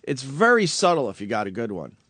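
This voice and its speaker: A man's voice: huge pitch swings, a little fast, husky, dry recording. Profane, frank male radio host. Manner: frank and profane, swings from low and quiet to loud. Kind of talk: candid radio talk.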